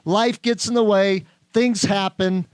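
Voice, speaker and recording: A man's voice: high-pitched, fairly even intonation, measured pace, clear, resonant tone, no echo. A man hosting a podcast, giving emphatic motivational advice in casual chat and repeating his points. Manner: emphatic, preachy, repeats himself. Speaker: podcast host.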